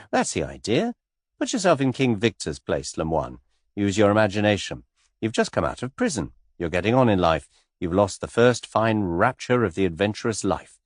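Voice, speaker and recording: A man voicing a cool English gentleman suspect, speaking lightly and teasingly in an unhurried way. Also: fairly low pitch, dry recording, clean studio sound.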